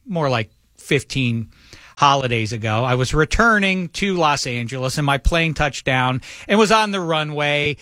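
Middle-aged male radio co-host; animated storyteller, punchy bright delivery, dry close mic. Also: a little high, moderate pace, no echo. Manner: animated anecdote teller, acts out quotes. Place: radio studio. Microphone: studio microphone.

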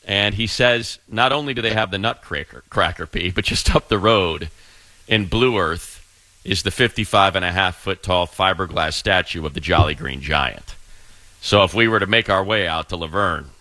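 Low, dry-voiced sports radio man. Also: normal speed, bright, forceful tone, no echo. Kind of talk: casual sports talk banter.

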